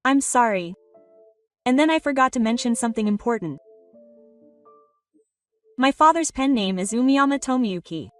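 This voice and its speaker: A woman voicing a calm, composed young woman who is proud of her work. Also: a little high, moderate pace, pauses often, far from the mic, soft background music, lightly acted.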